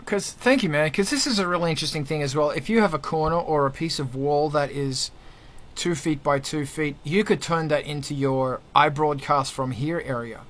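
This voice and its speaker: A man hosting a casual panel chat, energetic and jokey as he hands questions to guests. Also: on the high side, moderate pace. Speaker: host.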